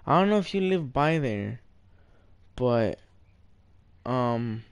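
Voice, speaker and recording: A man's voice: medium pitch, big pitch swings, takes it slowly, clean tone, no room sound. A young man in game voice chat, telling mock-serious tall tales and playfully trolling a stranger while he plays, stretching out the other player's name. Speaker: gamer.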